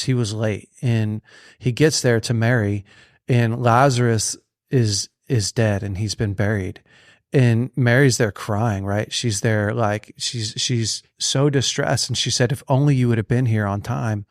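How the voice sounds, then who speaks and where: A man's voice: medium pitch, measured pace, no echo, clean studio sound. A man telling a faith story in a casual, earnest conversation, often restarting his phrases.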